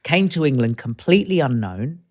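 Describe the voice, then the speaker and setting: A man tells his stories in a loose, rambling way. He keeps restarting sentences and slips into the voices of the people in his stories. His voice sits at an everyday middle pitch. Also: big pitch swings, normal speed. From Australia. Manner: chatty, rambling anecdotes, acts out quoted voices. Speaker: guest. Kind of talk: casual interview storytelling.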